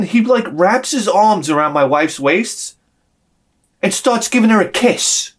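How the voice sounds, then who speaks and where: A man's voice: high voice, moderate pace, faint music behind. A man telling a long story as a vlogger in a casual, exasperated rant full of swearing. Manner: animated, profane, exasperated.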